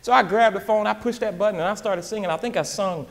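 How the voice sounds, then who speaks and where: Man, motivational speaker, fairly high voice, lively and folksy, in a big reverberant hall. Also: quick pace, creaky. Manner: animated, folksy, repeats "man" and "y'all". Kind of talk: live motivational talk.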